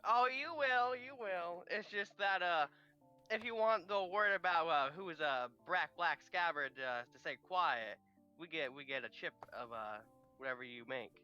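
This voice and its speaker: A man talking through a tabletop game who stumbles and repeats words before getting going. His voice is bright and crisp, slightly high. It comes through a dull lo-fi mic. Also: normal speed, faint music behind. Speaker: player. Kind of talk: casual tabletop game chat.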